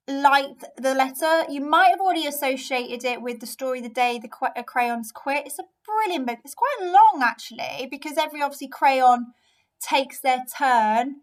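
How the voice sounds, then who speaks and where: A woman teacher, giving a recorded remote lesson and explaining each answer step by step in an encouraging way. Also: high-pitched. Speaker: primary school teacher.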